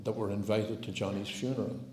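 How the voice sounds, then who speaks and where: A man's voice: on the low side, steady tone, fairly quick, a little mellow. An Irish man as MC, chatting and asking questions in an onstage interview at a community hall. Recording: roomy hall livestream, faint noise.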